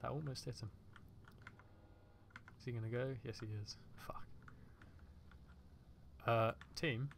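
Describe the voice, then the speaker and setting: A man streams himself playing a tank game, talking through each move in a gravelly voice with mid-range pitch. He swears casually and jokes with his chat. Faint keyboard clicks tick along behind him. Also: steady tone, slow, long pauses, a bit bright, a little hiss or hum. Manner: profane, joking chatter with his chat. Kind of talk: live gameplay commentary.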